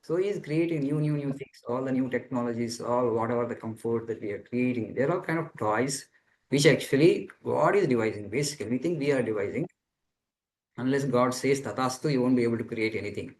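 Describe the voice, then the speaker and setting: A monk answering students' questions on a video call speaks fairly fast in a medium-pitched, darkish voice, and the audio quality is poor. His spiritual teaching is earnest, with repeated phrases as he feels for his words.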